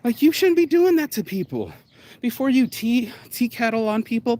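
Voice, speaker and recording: A man hosting his own show, ranting bluntly in a solo monologue, swearing often and jumping suddenly up and down in pitch. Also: huge pitch swings, brisk, a little mellow. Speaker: show host.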